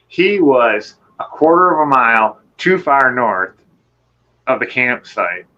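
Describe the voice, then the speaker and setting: A man telling a personal encounter story in casual conversation, rambling and animated, swearing and acting out what people said. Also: mid-range voice, slow, highs cut off. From Michigan. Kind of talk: casual storytelling on a live show.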